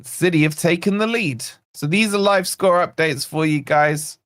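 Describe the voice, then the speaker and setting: A man hosting a live football watch-along, calling the play and greeting viewers by name in a chatty, excitable way. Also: fairly high pitch, normal speed, no room sound, studio quality. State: yawning, tired. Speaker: fan channel host.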